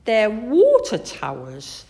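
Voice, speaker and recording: A woman's voice: a little high, huge pitch swings, takes it slowly, gravelly, mellow, slight background noise, pitched above the performer's own voice, exaggerated voice. A woman voicing a know-it-all male scientist who speaks in a matter-of-fact, lecturing way.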